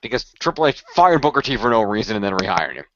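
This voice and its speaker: A man's voice: fairly low pitch, very animated, quick pace, fairly bright tone, slight background noise. A man co-hosting a casual wrestling chat, arguing his point at length and rambling. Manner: argumentative, rambling. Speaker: podcast co-host. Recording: dull dry lo-fi audio.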